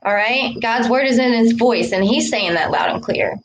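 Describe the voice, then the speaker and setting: A woman giving a casual spiritual talk to camera, preaching with a steady stream of "okay" and "all right". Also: on the high side, moderate pace, slight background noise, rough recording. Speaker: spiritual vlogger.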